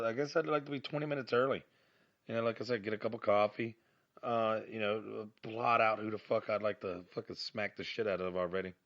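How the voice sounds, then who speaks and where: A man's voice: fairly low pitch, a bit bright, muffled recording. A middle-aged man ranting on his own podcast, rambling and grumbling with plenty of cursing and filler. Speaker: podcast host. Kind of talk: profane solo rant.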